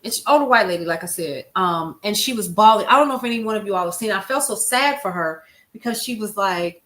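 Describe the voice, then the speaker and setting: Bright-voiced woman hosting a live stream. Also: mid-range voice, lively intonation, fast talker, few pauses. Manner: emphatic, conversational, addresses viewers as "y'all". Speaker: livestream news show host. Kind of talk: casual livestream chat, answering viewer comments.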